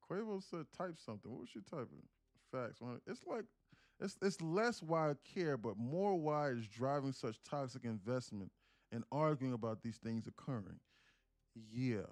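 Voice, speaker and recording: A man's voice: mid-range voice, no room sound. Sarcastic rambling young man, dry sound. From South Carolina, USA. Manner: sarcastic, rambling, many restarts. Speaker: day trader and live streamer. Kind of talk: casual live-stream chat.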